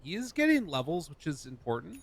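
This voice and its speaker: A man's voice: fairly high pitch, wildly swooping pitch, a little fast, vocal fry. A man calling a live esports match play by play, building up as the action heats.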